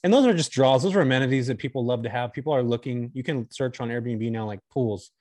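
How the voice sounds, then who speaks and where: A man's voice: mid-range voice, fast, darkish tone, no room sound, clean studio sound. A man talking candidly and enthusiastically as a guest on a casual podcast chat. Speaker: guest, short-term rental host.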